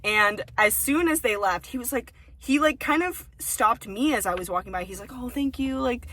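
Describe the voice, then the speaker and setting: A woman's voice: on the high side, moderate pace, pushed and bright. A young woman co-hosting a podcast, telling a restaurant story in casual, profane chat. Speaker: podcast co-host.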